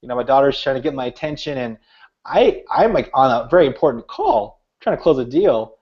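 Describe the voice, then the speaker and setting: A man's voice: medium pitch, big pitch swings, brisk, darkish tone. A middle-aged man, an author and speaker, telling stories earnestly in an interview, with many restarts. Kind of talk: interview, storytelling. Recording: dull lo-fi audio.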